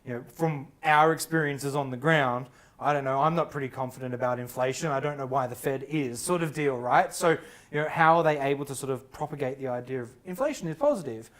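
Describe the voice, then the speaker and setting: A man's voice: medium pitch, brisk, fairly bright tone. A man hosting an interview, who sums up his guest's points and asks follow-up questions. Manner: summarising, prompting questions. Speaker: podcast host.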